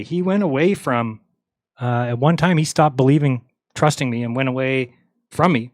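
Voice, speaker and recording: A man's voice: mid-range voice, no room sound. A man hosting a livestream, ranting bluntly and mockingly, acting out the lines of people he quotes. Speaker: livestream host. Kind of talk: casual livestream rant.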